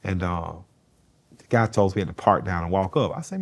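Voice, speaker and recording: A man's voice: sits low, animated, a little fast, creaky. A middle-aged man, a guest in an interview, telling a personal story in a plain-spoken, earnest way and swearing casually.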